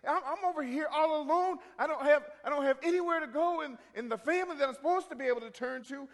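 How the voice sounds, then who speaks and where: A man voicing a distraught young woman who prays in a high, pleading, tearful voice. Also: fast, long reverb tail. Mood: desperate prayer.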